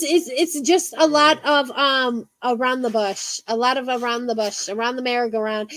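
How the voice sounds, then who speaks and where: A woman's voice: fairly high pitch, a bit bright, dry recording. A woman hosting a casual livestream, rambling with lots of ums and the odd swear word. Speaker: livestream host. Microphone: phone.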